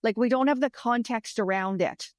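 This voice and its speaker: A woman's voice: on the high side, moderate pace, dry recording, clean studio sound. Candid woman in her fifties. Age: 50s. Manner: candid, storytelling, acts out her own inner voice. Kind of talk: casual podcast chat.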